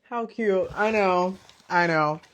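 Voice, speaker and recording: A woman's voice: medium pitch, takes it slowly. Lady going live, chatty and casual, y'all this y'all that. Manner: chatty, calls viewers "y'all" and "sis". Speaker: content creator going live. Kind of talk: casual livestream chat.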